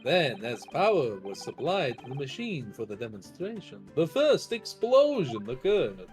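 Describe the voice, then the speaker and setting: A man voicing a composed prosecutor in a game dub, calmly explaining the events. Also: mid-range voice, a little slow, soft background music. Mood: explanatory. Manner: calm, explanatory.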